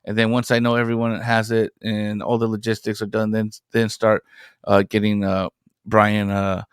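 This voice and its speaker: Young man, guest storyteller, animated and profane, dry close sound. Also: lowish voice, normal speed, smooth, dry recording. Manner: animated storyteller, swears freely. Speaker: comic book creator guest. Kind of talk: casual chat.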